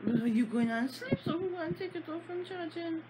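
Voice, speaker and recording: A woman's voice: very high-pitched, expressive, a little fast, noisy background. A woman co-hosting a casual home vlog, teasing her partner and laughing often, recorded at home in bed. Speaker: vlog co-host.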